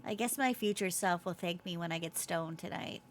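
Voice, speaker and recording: A woman streamer reading aloud the inner thoughts of a gloomy, self-loathing young student from a video game, in a flat, downbeat way. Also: on the low side, normal speed, a little hiss or hum, close to an everyday voice. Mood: glum.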